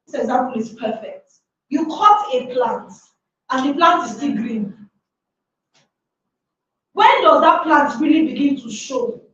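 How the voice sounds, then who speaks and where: A high-voiced woman gives a motivational workshop talk, emphatic and quick to throw questions at the room. Her voice comes from well off the microphone, with a lot of room echo. The sound is dull and muffled, with faint noise underneath. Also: fairly bright tone, far from the mic. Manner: emphatic, with many rhetorical questions. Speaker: workshop speaker. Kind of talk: motivational talk to a live audience.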